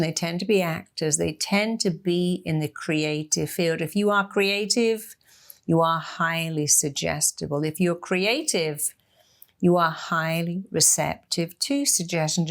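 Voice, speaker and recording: Woman hypnotherapist, low-ish voice, expressive motivational talker. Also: moderate pace. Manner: expressive, acts out inner voices in quotes. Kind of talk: motivational talk.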